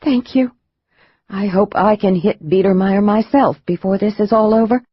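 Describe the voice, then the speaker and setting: A man voicing a soft, resolute young woman. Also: high-pitched, normal speed, breathy edge, dry recording, highs cut off, pitched above the performer's own voice. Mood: relieved.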